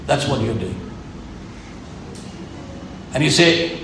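A man's voice: on the high side, a little slow, vocal fry, pauses often, a bit bright. A man preaching a sermon with earnest, emphatic repetition. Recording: echoey room with faint ambient noise.

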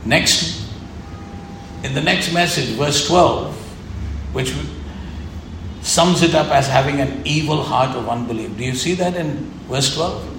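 A man delivers an earnest sermon, repeating his points for emphasis. His voice sits a little high and has a gravelly edge. The room is echoey, with a faint hum of ambient noise behind him. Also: a little slow, long pauses. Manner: earnest, repetitive, emphatic preaching. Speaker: preacher.

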